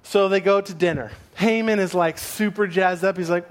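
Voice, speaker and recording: A male pastor giving a sermon, retelling a story in an animated, dramatic way. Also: sits high, moderate pace, hardly any pauses.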